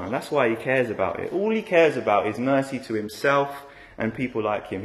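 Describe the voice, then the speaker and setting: A man's voice: medium pitch, roomy sound. A man preaching an expository sermon in a conversational way, often tagging rhetorical questions onto his points.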